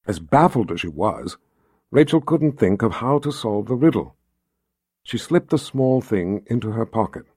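A man narrating an audiobook in a calm, expressive storytelling manner. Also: mid-range voice, moderate pace, slightly rough, dry recording, studio quality.

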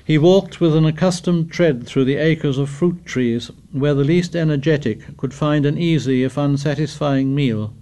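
A man narrating a novel as an audiobook, in a measured, steady literary reading. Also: fairly high pitch. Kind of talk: scripted narration.

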